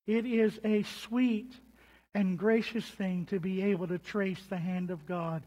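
A man preaches a sermon in a strikingly high voice, taking his time over every phrase. He leans on key words, then lets his lines sink to soft, low endings. A long reverb from the church sanctuary hangs behind him. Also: fairly even intonation. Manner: deliberate, emphatic, trailing off to soft low endings. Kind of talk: expository sermon.

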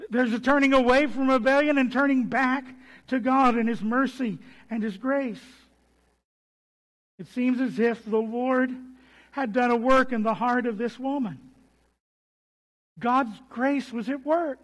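A male preacher giving an expository sermon in a deliberate, emphatic manner, with phrases that trail off softly and low in a church sanctuary. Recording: long hall reverb.

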